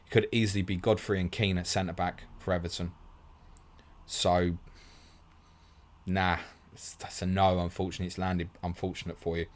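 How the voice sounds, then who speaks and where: A man's voice: low-pitched, level tone, normal speed, pauses often. A man hosting a live fantasy football stream, bluntly answering viewer questions one after another and calling everyone mate. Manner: blunt, matey, rattles through questions, calls everyone mate.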